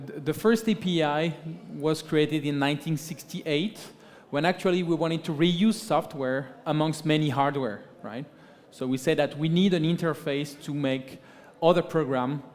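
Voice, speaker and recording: A man speaking as a guest on a conference stage, his voice sitting a little higher than most men's. He talks hesitantly, with many fillers, and keeps tagging "right?" onto his points. His voice rings out with a long reverb in the large hall. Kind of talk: conference panel talk.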